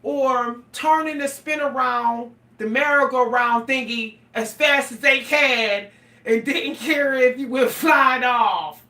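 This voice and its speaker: A woman's voice: sits high, takes it slowly, bright, forceful tone. A middle-aged woman, talking casually and animatedly to her viewers, laughing and exclaiming often. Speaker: vlogger. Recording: echoey room, voice a bit far from the mic.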